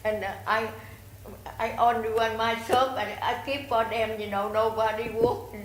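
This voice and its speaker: A woman with a Vietnamese accent, a native Vietnamese speaker, pleading during public comment at a city council meeting in halting, broken English full of restarts and repetitions. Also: fairly high pitch, flat delivery. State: distressed, pleading. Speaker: resident giving public comment. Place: city hall council chamber. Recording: echoey chamber with faint background noise.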